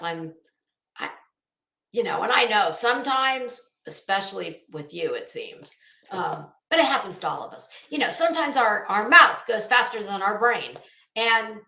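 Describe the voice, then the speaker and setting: A high, bright-voiced woman talks slowly in a sassy, chatty commentary style, calling people out directly. The sound is roomy and echoey. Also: gravelly. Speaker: commentary streamer. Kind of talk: casual commentary chat.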